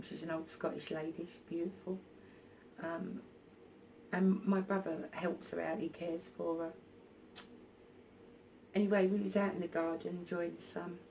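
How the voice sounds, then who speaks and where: A woman's voice: fairly low pitch, a little mellow, slight background noise. A woman telling a personal story in a casual vlog on her phone, hesitant and full of ums and restarts. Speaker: spiritual vlogger.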